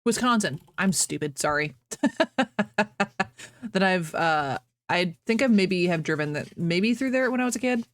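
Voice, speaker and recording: A woman's voice: lowish voice, lively intonation, measured pace, no room sound. A woman streamer chatting casually to her viewers from her home office, bubbly, rambling and self-deprecating. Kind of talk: casual live-stream chat.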